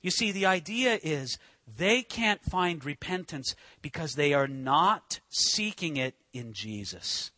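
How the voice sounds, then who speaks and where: A man's voice: a little high, lively intonation, slow pace, sharp tone, no echo. A man preaching a sermon as a pastor, earnest and full of rhetorical questions.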